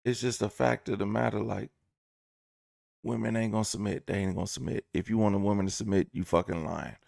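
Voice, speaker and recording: A man's voice: on the low side, fairly even intonation, fairly quick, vocal fry, a little mellow, no room sound, studio quality. A man giving a casual, profane, joking storytime rant to his viewers, rambling and acting out bits of dialogue. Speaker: vlogger.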